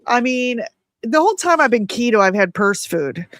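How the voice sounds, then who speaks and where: A woman's voice: fairly high pitch, sing-song, moderate pace, a bit bright, dry recording, studio quality. Chatty middle-aged woman hosting, laughing often. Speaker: host. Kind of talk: casual interview chat.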